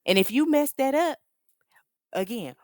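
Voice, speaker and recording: A woman recapping a reality TV episode, acting out the cast in quick put-on voices. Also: high voice, animated, no echo. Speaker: reaction show host.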